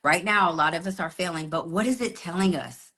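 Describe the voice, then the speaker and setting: Woman business coach, motivational live talk, animated storytelling, slight cold. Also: on the low side, brisk. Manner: animated storytelling, calls listeners "y'all" and "honey".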